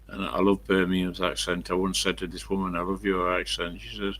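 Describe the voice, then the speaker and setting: A man's voice: sits low, level tone, brisk, few pauses, fairly bright tone. A man with an East Midlands accent, chatting casually at home to his live-stream viewers and rambling through anecdotes at a desk mic. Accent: East Midlands English. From England. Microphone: desk microphone he leans away from.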